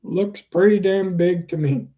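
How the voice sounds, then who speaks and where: A middle-aged father blusters and shrugs off his son's corrections in a gruff, dismissive voice, as a reader puts him on. He sounds unbothered and a bit loud. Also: medium pitch, a little slow, lo-fi sound, natural voice.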